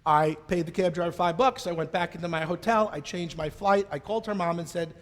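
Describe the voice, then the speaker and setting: A middle-aged man giving a keynote speech on stage, telling a story in a playful, animated way. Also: high-pitched, brisk. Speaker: keynote speaker. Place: conference stage in a large hall. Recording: long reverb of a large hall.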